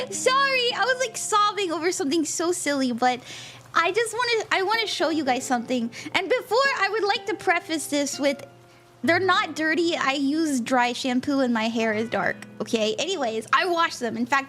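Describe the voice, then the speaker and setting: A woman's voice: high voice, bright, forceful tone. A young woman chatting casually with viewers on a live stream as a tarot reader, bubbly and giggly. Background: faint background music.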